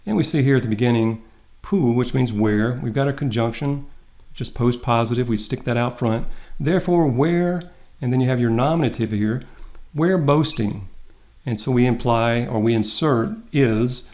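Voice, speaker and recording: A man teaching Greek in a recorded lecture. He walks through each form step by step in a methodical, patient way with pauses. His voice sits at an ordinary middle pitch. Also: darkish tone.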